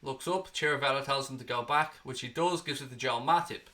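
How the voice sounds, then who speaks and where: An Irish man hosting a fan channel gives live watchalong commentary on a match, excitable, blunt and sweary. His voice is medium-pitched and brisk.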